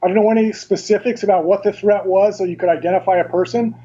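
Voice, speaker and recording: A man as an interview guest, explaining things carefully and in detail, with halting restarts, over dull lo-fi remote audio. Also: sits high, steady tone, warm tone, slightly rough.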